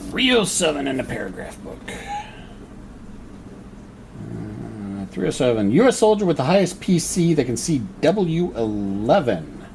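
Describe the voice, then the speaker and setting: A man's voice: mid-range voice, sing-song, a little slow, creaky, a little mellow, a little hiss or hum. A man playing a solo board wargame, thinking aloud and reading the rules to himself as he works through each turn. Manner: muttering, reads rules aloud and reasons through them.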